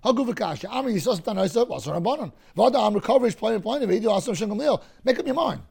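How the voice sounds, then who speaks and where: A man teaching a Talmud class, explaining cases through lively hypothetical scenarios and often clearing his throat. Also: high-pitched, very fast.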